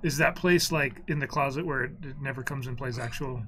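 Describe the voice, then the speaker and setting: A co-commentator on a card game stream who jokes around and asks lots of questions in a lively way. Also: medium pitch, brisk. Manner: joking, animated, questioning.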